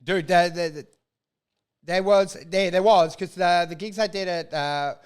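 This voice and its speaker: A man's voice: high-pitched, fairly even intonation, unhurried, clear, resonant tone. An Australian man and comedian in casual chat, ranting with lots of swearing and frequent laughter. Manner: profane, ranting, laughing often. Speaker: comedian, podcast guest.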